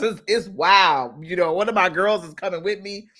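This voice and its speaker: A woman's voice: lowish voice, moderate pace, few pauses, a bit bright. A woman coach talking casually to her followers on a live stream. She is emphatic and heartfelt and repeats phrases for effect. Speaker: business mindset coach.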